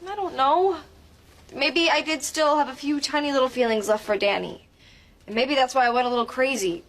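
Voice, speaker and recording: A woman's voice: sits high, fairly quick, a bit bright, a little hiss or hum. Flustered upbeat teen girl. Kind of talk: sitcom dialogue.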